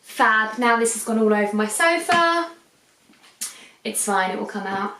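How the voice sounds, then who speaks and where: A young woman in her twenties chats casually on her sofa at night, drifting from one tangent to the next. Her voice sits at an ordinary middle pitch. The room around her is echoey. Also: expressive, moderate pace, a bit bright, a little hiss or hum. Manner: rambling, keeps digressing. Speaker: beauty vlogger. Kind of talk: casual chatty vlog. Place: living room, on a sofa, at night under a harsh light.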